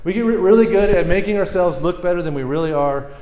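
A man delivers a sermon in a relaxed, chatty way, pulling listeners in by name and laughing along with them. His voice sits fairly high, and the room adds a noticeable echo. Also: quick pace. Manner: casual, animated, laughs often, talks to audience members. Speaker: pastor.

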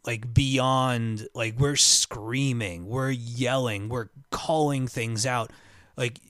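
Excitable rambling man chatting casually. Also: medium pitch, takes it slowly, dry recording, clean studio sound. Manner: excitable, rambling storyteller full of "like". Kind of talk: casual chat.

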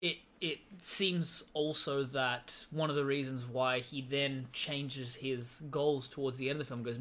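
A man with a mid-range voice shares analytical observations in a relaxed podcast conversation. He builds his points carefully and thoughtfully. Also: mid-range voice, a little slow, hardly any pauses. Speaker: podcast co-host. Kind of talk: casual film discussion.

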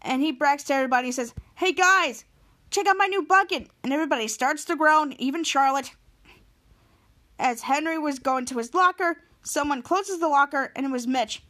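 A young woman in her twenties hosts a podcast and retells a show scene by scene. She talks casually and rambles, often restarting her sentences, with a voice pitched high for a woman. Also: a little fast, a bit bright. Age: 20s. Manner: rambling, with many restarts and "he's like". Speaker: podcast host. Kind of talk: casual episode recap.

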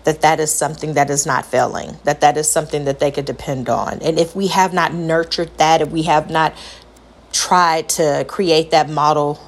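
A middle-aged woman with a high voice, talking earnestly about parenting and repeating phrases for emphasis. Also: fairly even intonation, normal speed. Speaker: parent sharing advice. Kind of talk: personal talk to camera.

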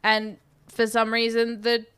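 A woman's voice: on the high side, monotone, measured pace, a bit bright, clean tone, dry recording. A woman co-hosting a casual movie recap, hesitant with many ums but matter-of-fact. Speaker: podcast co-host.

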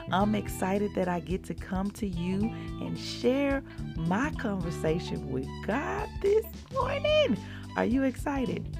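A woman hosting a daily faith podcast, chatting with excitement and calling her listeners y'all. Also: fairly low pitch, vocal fry. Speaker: podcast host. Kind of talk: casual devotional podcast talk.

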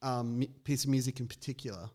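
A man's voice: medium pitch, fairly even intonation, fast, darkish tone. A man co-hosting a casual fan podcast, opinionated and full of ums and restarts. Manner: opinionated, hesitant with many fillers. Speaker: podcast co-host.

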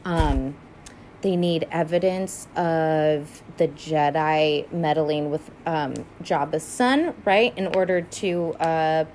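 A young woman chatting casually as she reacts to an animated film, rambling with lots of fillers and frequent swearing, sounding tired. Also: sits low, slow, slight background noise. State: tired and yawning. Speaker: first-time viewer reacting to an animated film.

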